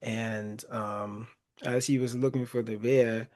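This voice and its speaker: Animated man retelling a story. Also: mid-range voice, takes it slowly. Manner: animated, laughs often, acts out quotes. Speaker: podcast host. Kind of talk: casual chat retelling a movie.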